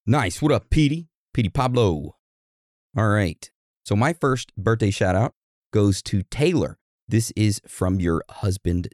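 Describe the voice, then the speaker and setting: A man's voice: on the low side, a little mellow, no echo, studio quality. A man co-hosting a podcast in casual chat, laid-back and joking. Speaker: podcast co-host.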